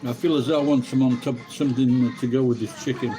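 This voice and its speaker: A man's voice: medium pitch, steady tone, fast, poor audio. Guy chatting away while eating, rambly, music playing behind him. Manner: rambling, chatty, muses aloud. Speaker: vlogger. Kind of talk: casual chat while eating, talking to viewers.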